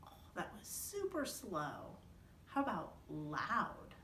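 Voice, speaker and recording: A woman librarian leading storytime for small children, her voice lively and swooping yet unhurried. She sounds encouraging and singsong, slightly low in pitch. The recording is roomy and a bit distant from the mic, with faint ambience behind. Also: noisy background.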